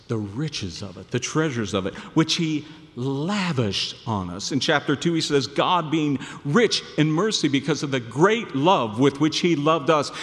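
A male pastor preaching a sermon, swelling to loud emphatic peaks and then dropping low and quiet. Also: in a large hall.

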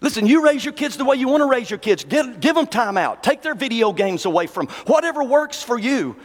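High-voiced preacher in a reverberant hall. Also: male voice, expressive. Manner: folksy, conversational preaching, reads scripture slowly. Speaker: pastor. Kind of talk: sermon.

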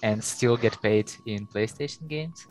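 A man's voice: mid-range voice, a little slow, dry recording, soft background music, poor audio. A man from Ukraine hosting a podcast, asking brief, curious questions. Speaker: podcast host. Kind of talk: casual interview.

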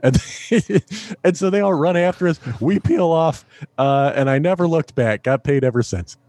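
A man's voice: a little high, moderate pace, no echo. A middle-aged man, a stand-up comedian, telling stories in an interview, laughing often and acting out the people he quotes. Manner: animated anecdote-telling, laughs often, acts out voices in quotes. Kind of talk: storytelling in a podcast interview.

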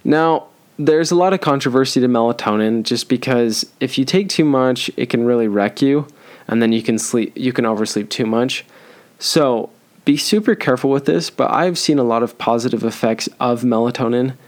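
A man's voice: mid-range voice, normal speed. A young man hosting a solo podcast, giving advice in a loose, joking way with frequent ums and restarts. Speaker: podcast host.

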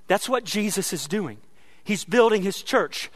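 A man preaching a sermon as pastor, earnest, often repeating words and slowing down to stress a line. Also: high voice, animated, fairly bright tone, no room sound.

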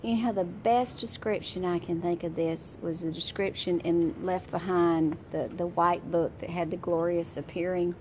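A woman's voice: lowish voice, steady tone, moderate pace, few pauses, darkish tone, slight background noise. A middle-aged woman teaching an informal Bible study, talking conversationally, searching aloud for verses and reading scripture aloud.

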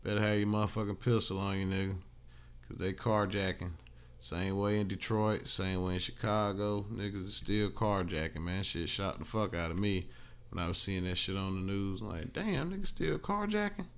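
A young man talks alone into his podcast mic, blunt and heavy on profanity as he rants through the week's topics. His voice sits low and comes across smooth and clear. He sounds a little tired, yawning between points after a flight. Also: little pitch movement, moderate pace, fairly bright tone. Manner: blunt, profane, conversational ranting. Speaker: podcast host. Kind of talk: solo podcast commentary.

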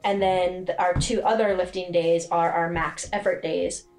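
Woman coach talking plainly, lowish voice. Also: fairly even intonation, moderate pace, a little mellow, soft background music. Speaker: gym owner and strength coach. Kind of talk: casual podcast chat.

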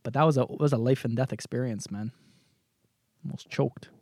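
A young man co-hosting a casual comedy podcast, telling a story in an animated way and laughing often. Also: mid-range voice, normal speed, creaky, slightly rough, no room sound, clean studio sound. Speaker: podcast co-host.

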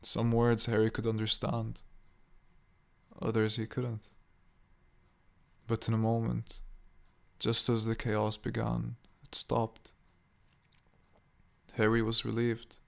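A man narrating a horror story in a steady, measured way. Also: medium pitch, gravelly.

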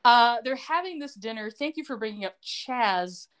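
A woman's voice: on the high side, expressive, normal speed, fairly bright tone, clear, resonant tone. A woman co-hosting a podcast, casually recapping a TV episode in a loose, chatty way with lots of fillers and asides. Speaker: podcast co-host.

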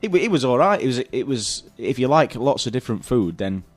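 A man's voice: medium pitch, big pitch swings, fairly quick. A man co-hosting a music radio show, dry and understated. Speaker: radio co-host. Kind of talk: casual chat between music plays.

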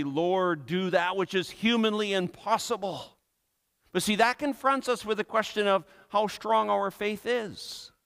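A pastor preaching a sermon to his congregation, earnest and emphatic, slowing down and repeating phrases for stress. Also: a little high, creaky, fairly bright tone. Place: church.

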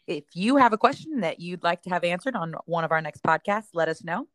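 A woman hosting a company podcast, asking friendly, brisk questions. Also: fairly low pitch, lively intonation, fairly bright tone, no room sound, studio quality. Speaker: podcast host. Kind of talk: casual interview hosting.

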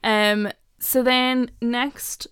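A young woman with a Northern Irish accent that drifts a little American, chatting on a podcast with quick asides and frequent laughs. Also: a little high, little pitch movement, a bit bright, smooth, dry recording, clean studio sound. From Northern Ireland. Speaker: podcast co-host. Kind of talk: casual podcast chat.

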